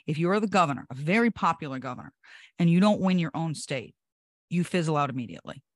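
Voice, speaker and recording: A confident political commentator in a casual panel chat, brisk and strategic. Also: mid-range voice, animated, no echo, studio quality.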